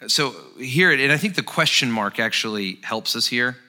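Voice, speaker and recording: A male pastor preaching a sermon, expressive and dramatizing the scripture as he explains it. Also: mid-range voice, normal speed.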